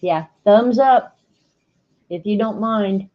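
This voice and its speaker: A woman's voice: mid-range voice, takes it slowly. A woman hosting a casual art livestream, chatting, greeting viewers by name and reading snarky sayings aloud. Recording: dull lo-fi stream audio.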